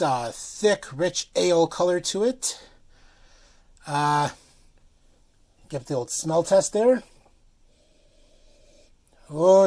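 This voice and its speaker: A man's voice: high voice, darkish tone. Casual man reviewing beer. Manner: casual, frank, many fillers, swears.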